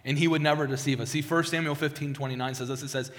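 A man's voice: fairly high pitch, fairly even intonation, fast talker, few pauses. A male pastor giving a sermon with a personal testimony, talking conversationally with frequent restarts and repeated words. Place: church sanctuary. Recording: long hall reverb.

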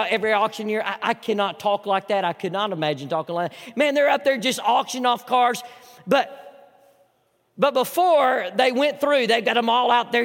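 High-voiced preaching pastor in a hall. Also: male voice. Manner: swings from hushed, slow intimate passages to loud emphatic storytelling. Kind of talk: sermon.

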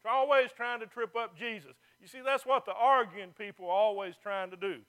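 A man's voice: sits high, steady tone, brisk, sharp tone, clean tone. A male pastor, preaching a folksy, fervent sermon to a church.

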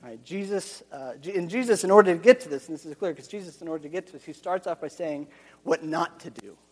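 A man's voice: a little high, fast talker, breathy edge, big-room sound. A man preaching a sermon, earnest and repeating his key phrases, with frequent restarts.

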